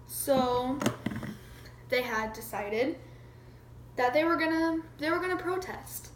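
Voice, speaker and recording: A woman's voice: high-pitched, animated, slow, roomy sound, noisy background. A woman casually retelling a history lesson in a chatty, irreverent way, acting out quotes and swearing now and then. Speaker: amateur history explainer.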